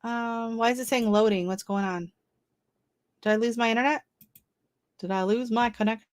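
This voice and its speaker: A gardening livestream host who is not from Canada chats casually, reading seed listings aloud and giving her reactions. She speaks on the high side with fairly even intonation at a moderate pace, recorded at studio quality with no echo.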